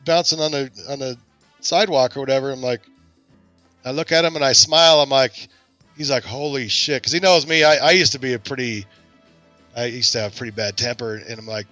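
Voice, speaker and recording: Podcast host guy, bright tense voice, telling a story all casual and chatty. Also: mid-range voice, a little fast, no echo, muffled recording, faint music behind. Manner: lively anecdotal storyteller, self-deprecating.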